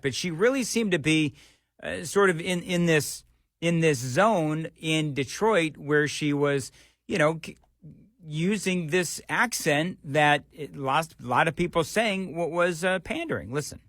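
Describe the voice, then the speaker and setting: A man's voice: fairly high pitch, animated, measured pace, a bit bright, no echo. An American man hosting political talk radio, emphatic and repeating phrases as he comments. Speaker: radio talk show host.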